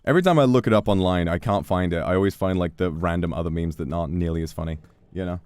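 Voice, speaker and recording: A young man chatting casually with his chat, playful and swearing freely, with quick restarts. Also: deep voice, darkish tone, clean tone, dry recording. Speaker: streamer. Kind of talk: casual chat reading donations.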